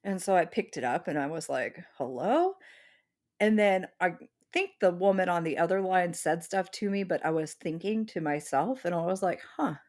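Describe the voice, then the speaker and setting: Woman, low voice, rambling podcast storyteller. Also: fairly quick, darkish tone. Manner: rambling storyteller, many "like" fillers. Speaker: podcast co-host. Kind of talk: casual chat.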